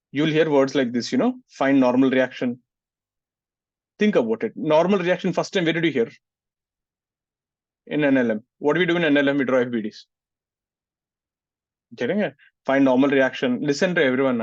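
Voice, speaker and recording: A man's voice: medium pitch, no echo. Man, physics teacher, classroom lecture, muffled, dry. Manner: scolds students, asks "getting it?" often.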